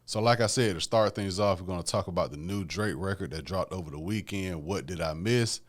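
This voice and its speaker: A man's voice: low voice, fairly quick. A man hosting a podcast alone, talking about music in a laid-back, conversational way and often adding "man" and "you know what I'm saying". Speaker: podcast host. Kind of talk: casual solo music commentary.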